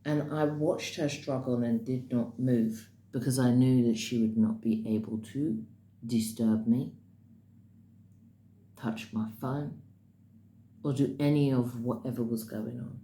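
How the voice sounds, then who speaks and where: A woman's voice: rumbling low, fairly even intonation, measured pace, warm tone. A woman casually retelling a dream as a spiritual message, talking with bursts of emphasis. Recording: roomy echo with faint background noise.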